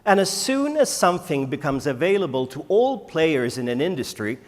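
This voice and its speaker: A man, a native Swedish speaker, giving a conference keynote and firing rhetorical questions at the audience with dramatic pauses. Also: on the high side, very animated. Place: large conference hall. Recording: echoey conference hall.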